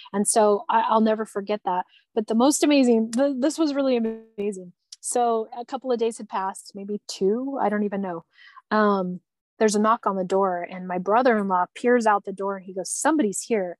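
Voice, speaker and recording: A middle-aged woman sharing a personal story in a podcast conversation, earnest and reflective, growing animated as she recalls events. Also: mid-range voice, no echo, poor audio. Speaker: guest.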